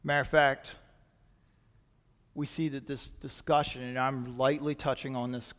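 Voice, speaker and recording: A male pastor preaching a sermon in a church sanctuary, speaking earnestly and building to loud, emphatic passages. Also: mid-range voice, little pitch movement, a little slow. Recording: long reverb of a large hall.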